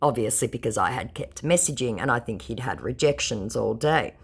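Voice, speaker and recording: A woman's voice: extremely low pitch, expressive, brisk, slightly rough. An Australian woman who recounts chat messages aloud in a sarcastic, mocking way. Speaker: scambaiter and host.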